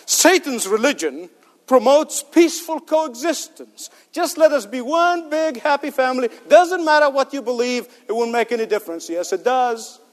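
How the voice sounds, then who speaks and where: A man's voice: very high voice, animated, normal speed. A male preacher giving an emphatic sermon with rhetorical questions and joking asides. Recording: long hall reverb.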